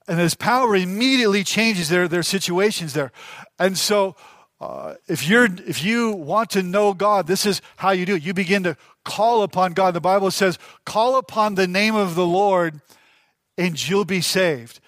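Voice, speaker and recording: A pastor delivers a sermon in a fairly high-pitched male voice, pressing his points with emphasis and repeating key lines straight to the congregation. The sound is dry and close, with little room echo. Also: moderate pace, a bit bright. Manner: emphatic preaching, repeats key phrases, addresses congregation directly.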